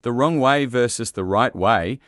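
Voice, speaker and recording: A man giving calm, measured, scripted self-help narration in an instructive tone. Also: medium pitch, no echo, clean studio sound.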